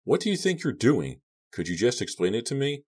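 A man reading the part of a frightened teenage boy who is tied up, pleading and shouting in panic. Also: sits low, very animated, moderate pace, slightly rough, full character voice. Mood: panicked.

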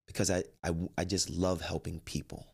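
A man with a low, gravelly voice tells a personal story. He talks animatedly and acts out the conversations as he goes, with his own lines and everyone else's. The crackly fry in his voice stays through the whole story. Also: normal speed. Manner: animated, quotes himself and others in dialogue. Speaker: life coach and trainer.

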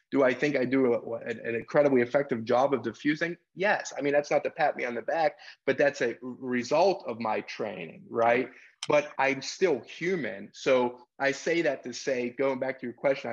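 A man speaks in an earnest, reflective way as a podcast guest, sitting at a middling pitch. The sound is a little dull and lo-fi. He acts out courtside exchanges with coaches as he explains himself. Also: gravelly. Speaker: guest, basketball referee. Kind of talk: podcast interview.

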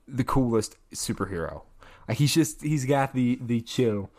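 A man's voice: medium pitch, animated, normal speed. A man co-hosting a podcast in casual chat, enthusiastic and rambling, laughing often between thoughts. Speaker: podcast co-host.

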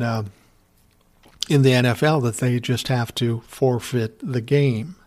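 A man's voice: medium pitch, darkish tone. Middle-aged man from Minnesota, casual profane ranter, laughs between lines. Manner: profane, blunt storytelling with chuckles. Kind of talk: casual ranting monologue.

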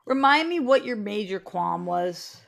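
A woman co-hosting a casual podcast chat, blunt and animated, swearing freely. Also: mid-range voice, measured pace, vocal fry. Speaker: co-host.

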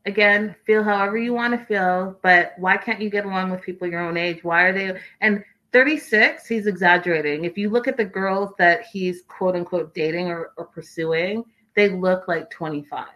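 Chatty young woman host, gossipy live recap voice, bright, fairly low-pitched. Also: moderate pace, hardly any pauses, rough recording. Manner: chatty and gossipy, reads viewer comments aloud. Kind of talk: casual livestream recap chat.

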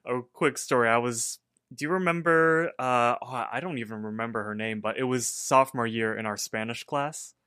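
A man's voice: mid-range voice, normal speed, smooth, dry recording, clean studio sound. A young man co-hosting a podcast, chatting casually and telling stories with frequent laughs. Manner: animated storytelling, laughs often. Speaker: podcast co-host. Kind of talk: casual chat.

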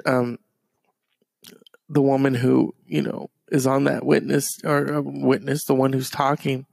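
A man's voice: medium pitch, creaky, darkish tone, no room sound. A man doing a profane, rambling comedic rant that is full of fillers and restarts. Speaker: comedic commentator.

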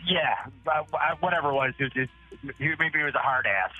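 Fast-talking rambling male caller. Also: a little high, phone-quality sound, soft background music. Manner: rambling, hesitant. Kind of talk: phone-in story.

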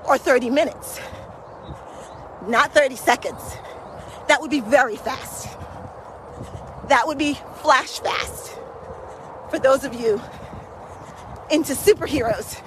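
A woman pacing listeners on a brisk outdoor walk in a park, slightly breathy from walking, with encouraging, repetitive coaching cues. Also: high voice, noisy background. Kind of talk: motivational workout vlog while walking.

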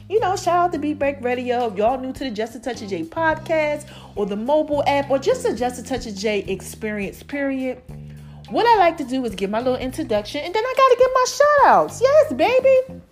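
Brief: high-voiced woman host, chatty monologue, faint music under. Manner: chatty, drawn-out, affectionate asides. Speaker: podcast host. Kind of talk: casual podcast monologue.

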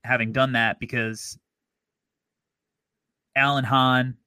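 A man co-hosting a sports podcast in an upbeat, easygoing way, pausing on "um" and "you know". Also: mid-range voice, flat delivery, sharp tone, smooth, dry recording. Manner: upbeat, easygoing, measured with fillers. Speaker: podcast co-host. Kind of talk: casual sports podcast chat.

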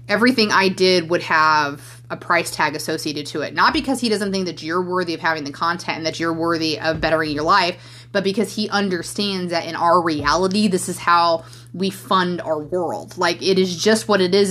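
A woman's voice: lowish voice, fairly bright tone. Candid woman musing aloud on a podcast. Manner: candid, rambling, emotional, many fillers. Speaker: podcast host and coach. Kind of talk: casual solo podcast monologue.

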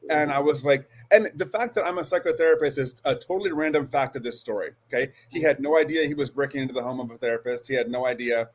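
A man's voice: medium pitch, fast, hardly any pauses. A man in his forties, a guest, earnestly telling a personal story with frequent restarts and hesitations. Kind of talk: storytelling interview.

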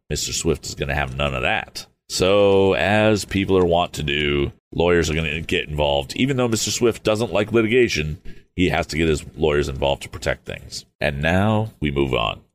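Deep-voiced man reading a story aloud. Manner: relaxed, chatty asides. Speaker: host and storyteller.

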